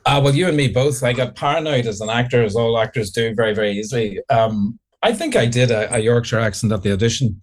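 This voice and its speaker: A man's voice: mid-range voice, fast talker, few pauses. A man with a Northern Irish accent, an actor being interviewed, talking chattily with many fillers and restarts. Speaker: actor guest. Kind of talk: radio interview chat.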